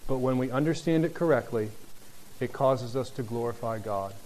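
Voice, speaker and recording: A man preaching a sermon, reading scripture and acting out the speakers, then growing soft and low at the end. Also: normal speed, slight background noise. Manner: animated, acts out voices in quotes, drops soft and low near the end. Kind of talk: sermon, Bible teaching.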